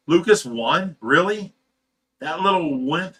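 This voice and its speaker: Man, livestream host, casual rambling rant, swears a lot, fairly high voice. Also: normal speed, bright, forceful tone. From Ohio. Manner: profane, heated, rambling.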